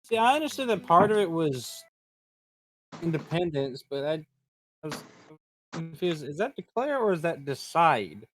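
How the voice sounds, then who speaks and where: A man's voice: fairly high pitch, big pitch swings, normal speed, long pauses, a bit bright, a little hiss or hum, poor audio. A man running a tabletop game over voice chat, wry as he herds his players along. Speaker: game master.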